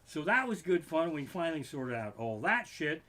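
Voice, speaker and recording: A man tells a profane story on a comedy livestream he hosts from his living room, his voice on the high side and sing-song at a normal speed. The tale repeatedly erupts into loud, swearing outbursts.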